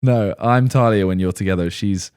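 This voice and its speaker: A man's voice: on the low side, normal speed, darkish tone, clean tone, no echo, studio quality. A young man co-hosting a podcast, laid-back and playful, laughing often in casual banter. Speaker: podcast co-host.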